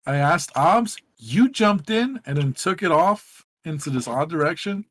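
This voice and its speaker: A man's voice: fairly high pitch, animated, unhurried, fairly bright tone, a little hiss or hum. A man co-hosting a gaming podcast in casual group chat, telling a rambling, profane story with many fillers.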